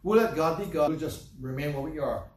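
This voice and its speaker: A man's voice: on the high side, brisk, far from the mic. A man preaching a sermon, emphatic and repetitive, firing rhetorical questions and reading scripture aloud. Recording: echoey room, voice from off-mic.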